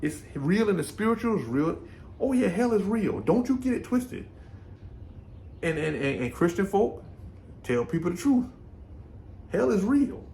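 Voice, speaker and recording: A man's voice: high-pitched, big pitch swings, unhurried, creaky, long pauses, a little mellow, a little hiss or hum. A man from Brooklyn, New York, giving a casual, folksy faith talk, often repeating words as he thinks. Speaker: faith vlogger.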